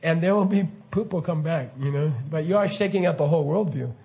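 Male spiritual teacher, slightly high voice, lively informal lecture, laughs through his points. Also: fairly quick. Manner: animated, laughing, mock-incredulous asides.

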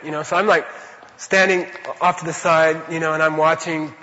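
His voice sits high and bright with a forceful tone, fairly even intonation and a fairly quick pace. This Buddhist teacher offers a chatty, rambling informal teaching full of stories he laughs through and plenty of "you know," recorded lo-fi and dull in an echoing hall.

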